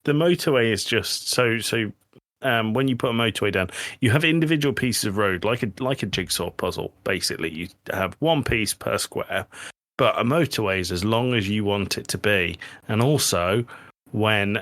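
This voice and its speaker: A man co-hosting a podcast, bantering with friends in an animated, teasing way and swearing freely. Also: on the low side, moderate pace, dry recording. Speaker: podcast co-host. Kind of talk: casual banter.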